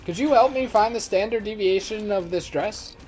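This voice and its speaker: A man's voice: high voice, moderate pace, darkish tone, soft background music, pitched above the performer's own voice, lightly acted. A man putting on the voice of an overly polite shopper asking a store clerk for help, in an exaggerated sing-song way. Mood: mock-polite.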